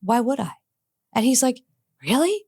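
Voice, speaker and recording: In an interview, a middle-aged addiction specialist recounts a story, playing out both parts of the exchange bluntly and with plenty of swearing. She speaks briskly and expressively, her voice on the high side.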